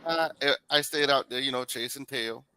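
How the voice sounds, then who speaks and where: A man telling stories as a guest in a casual chat, animated and slangy. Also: medium pitch, normal speed, clean tone. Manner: animated storytelling, laughs, slangy.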